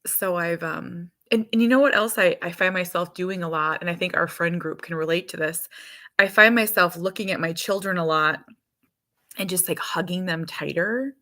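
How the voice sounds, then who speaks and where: A woman's voice: lowish voice, normal speed, sharp tone. A woman hosting a podcast as a mother, chatting casually in a rambling way that is full of restarts. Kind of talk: casual chat.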